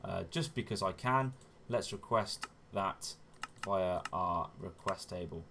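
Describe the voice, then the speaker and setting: A man with a low-pitched voice talks through his gameplay in a chatty, relaxed way, explaining each step. He often corrects himself mid-sentence and keeps up an easygoing commentary. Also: takes it slowly, vocal fry, background noise. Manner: chatty, self-correcting, often says "wonderful". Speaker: gaming channel host.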